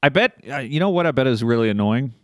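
A man co-hosting a podcast in casual chat, animated, swearing freely and laughing often. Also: medium pitch, quick pace, no echo, studio quality. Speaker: podcast co-host.

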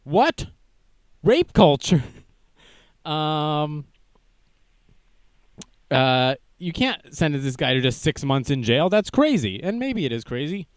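A man's voice: on the high side, animated, unhurried, long pauses, smooth, dry recording. A young man hosting a casual livestream news show, joking and self-deprecating as he goes. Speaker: news stream host.

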